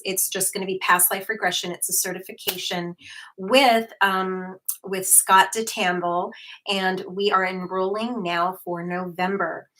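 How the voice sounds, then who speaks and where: A woman hosting a casual livestream talks slowly, with many pauses and fillers. Her voice is bright and clear and keeps a relaxed, chatty flow. She talks straight to her viewers and reads their comments aloud. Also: mid-range voice, slight background noise. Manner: chatty, with frequent fillers and restarts. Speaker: host, hypnotherapist.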